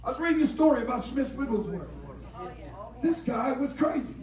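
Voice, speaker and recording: A man preaches with fervor and a very high voice, swinging between quiet talk and shouting. He is recorded from a distance in an echoey church hall. A congregation answers him from the pews. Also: lively intonation, moderate pace, crowd noise. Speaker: lay preacher. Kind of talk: fervent sermon. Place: church sanctuary.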